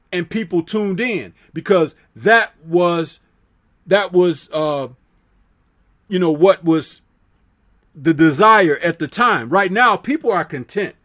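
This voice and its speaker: A man's voice: fairly high pitch, fairly bright tone. A man guest on a boxing talk show, speaking in an emphatic, lecturing way with rhetorical questions.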